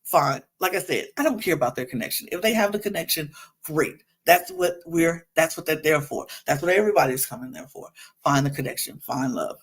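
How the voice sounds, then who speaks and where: A woman's voice: low-pitched, fairly quick, slightly rough. A woman hosting a podcast, talking casually in a sassy, exasperated way. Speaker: podcast host recapping a reality show. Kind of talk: casual chat.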